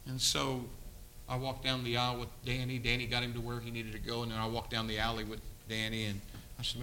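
A man preaching, with a very bright, tense tone. He tells a story in hushed, quiet passages, then breaks into loud, urgent appeals to his listeners. A faint hiss sits under the recording. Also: medium pitch, level tone, a little fast, rough recording. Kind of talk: sermon storytelling.

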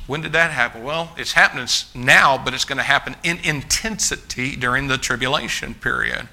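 A male pastor delivers a sermon to a congregation in a church, with a very bright, tense and cutting tone. He is emphatic and insistent, repeats himself as he restarts phrases, and keeps addressing the room directly. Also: medium pitch, brisk, vocal fry, few pauses. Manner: emphatic preaching, often restarting phrases and calling out to the congregation as folks.

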